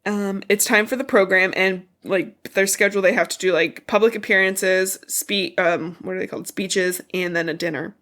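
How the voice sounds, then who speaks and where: A woman's voice: medium pitch, steady tone, moderate pace, hardly any pauses, a bit bright. A woman with a stuffy, congested voice, recapping a book for a podcast in a rambling way, swearing often. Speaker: podcast co-host. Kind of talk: casual book recap chat.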